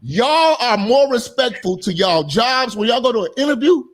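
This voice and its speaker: A man's voice: very high-pitched, animated, normal speed. A man lecturing emphatically and repetitively in a heated streamed debate. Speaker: debate guest.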